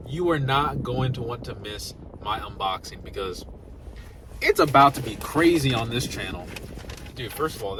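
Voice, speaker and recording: A young man vlogging casually about new laptops, swinging between loud excitement and mumbled asides. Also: medium pitch, background noise. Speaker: tech YouTuber.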